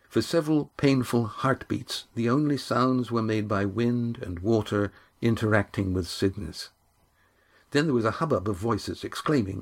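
A man reading a chapter of a novel aloud as narrator, in a measured, unhurried way. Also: fairly low pitch, husky. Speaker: audiobook narrator. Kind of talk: scripted narration.

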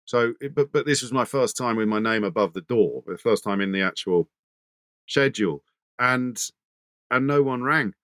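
A man's voice: medium pitch, normal speed, a bit bright, no room sound, clean studio sound. Middle-aged man telling a radio story. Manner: chatty anecdotal, frequent restarts and repeated words. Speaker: radio presenter. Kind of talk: conversational interview storytelling.

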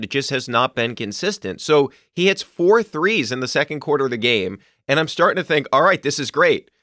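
Male sports podcaster, bright forceful voice, emphatic rants, dry close sound. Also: mid-range voice, no room sound. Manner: animated, emphatic ranting with occasional swearing. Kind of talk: solo sports commentary.

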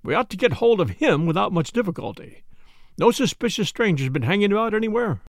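A man voicing a businesslike police inspector in a storybook mystery. He fires off short, sharp questions in a slightly raised, firm voice. A gravelly edge sits under it. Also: high voice, big pitch swings, no room sound, clean studio sound, voice pushed up. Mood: brisk, probing. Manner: brisk and clipped, sharp questions. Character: brisk, businesslike male village police inspector.

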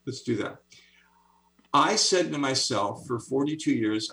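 Older man, gravelly enthusiastic storyteller. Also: medium pitch, expressive, a little slow, long pauses, bright, forceful tone, low-quality recording. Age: 70s. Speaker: author and speaker, interview guest. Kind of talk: interview storytelling. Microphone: video call.

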